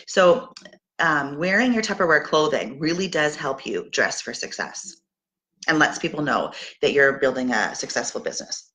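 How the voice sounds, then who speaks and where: Middle-aged Canadian woman, sales team leader, low voice with a bright edge, upbeat and full of fillers. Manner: upbeat coaching, many fillers and restarts. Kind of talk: casual motivational talk.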